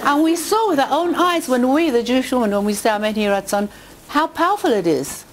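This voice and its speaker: An Englishwoman delivers an inspirational talk full of jokes and stories to a women's audience in a community hall with a live crowd. She's a lively storyteller whose pitch climbs on quotes and punchlines, speaking briskly over slight background noise.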